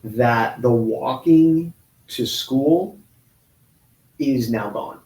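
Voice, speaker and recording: A man in his forties telling a painful personal story in an interview, halting and restarting often. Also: medium pitch, darkish tone. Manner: halting, with many restarts and pauses. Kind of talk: emotional personal account in an interview. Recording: roomy echo.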